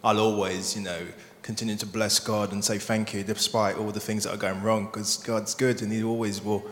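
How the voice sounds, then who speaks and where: Man sharing in a church group, relaxed and flat, echoey hall with faint noise. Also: on the low side, moderate pace. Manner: relaxed, with conversational fillers. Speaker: group member.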